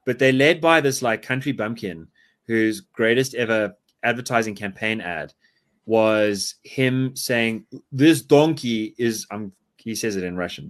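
Animated South African man chatting politics. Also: on the low side. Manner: rambling, animated, filler-heavy. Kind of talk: casual political chat.

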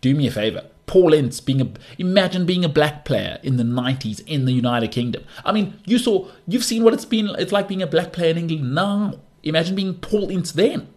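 A man's voice: on the high side, lively intonation, fairly quick, hardly any pauses, a little mellow. A man hosting a sports talk show, ranting emphatically and with exasperation, repeating words for stress. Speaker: podcast host. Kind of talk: solo sports talk rant.

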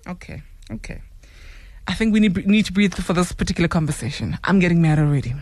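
A woman's voice: mid-range voice, sing-song, normal speed, no room sound, studio quality. A South African woman hosting a radio show, teasing and laughing with callers in a casual chat. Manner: playful, teasing, often laughing. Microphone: studio microphone.

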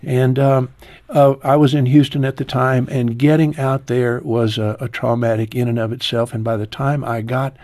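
A man in his sixties, a guest in an interview, telling a heartfelt personal story slowly, his voice falling low and soft at painful moments. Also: level tone, dry recording.

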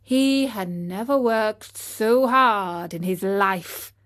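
A woman reading a children's storybook aloud in a gentle, expressive way. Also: mid-range voice, slow, hardly any pauses. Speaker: narrator.

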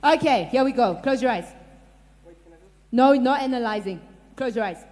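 A woman co-presenting a casual comedy chat, playful and dictating sentences slowly. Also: fairly high pitch, a little mellow. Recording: long hall reverb.

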